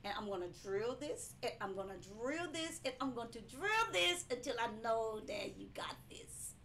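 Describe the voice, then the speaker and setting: Woman preacher, emphatic and repetitive, high and bright, live stream with faint noise. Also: moderate pace. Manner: emphatic, animated, repeats phrases, breaks into laughing cries.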